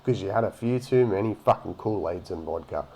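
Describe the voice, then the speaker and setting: A man's voice: fairly low pitch, a little fast, darkish tone, slightly rough. A man giving a profane, mocking rant as he comments on a video. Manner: ranting and mocking, heavy swearing. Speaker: reaction commentator.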